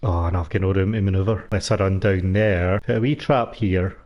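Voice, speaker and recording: A man's voice: low-pitched, brisk, muffled recording. A man giving wry, joking commentary while playing a game. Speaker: gameplay streamer. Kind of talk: casual gameplay commentary.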